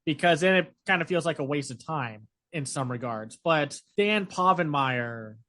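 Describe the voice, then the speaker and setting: Casually chatting as a podcast co-host, a talkative man speaks with a voice pitched a bit high for a male. He rambles in an animated way, dropping in fillers and fast side remarks.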